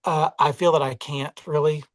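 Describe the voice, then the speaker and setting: A man's voice: a little high, fairly even intonation, normal speed. A man with a Southern US accent, an audiobook narrator talking casually and reflectively in an interview, often hedging with "like" and "you know.". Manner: reflective, self-deprecating, many "like" and "you know".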